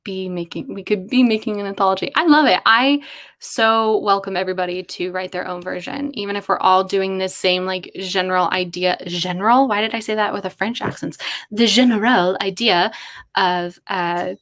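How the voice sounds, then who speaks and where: Excitable woman brainstorming aloud. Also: mid-range voice, normal speed. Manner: musing, excitable, thinking aloud. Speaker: streamer. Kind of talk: casual livestream brainstorming.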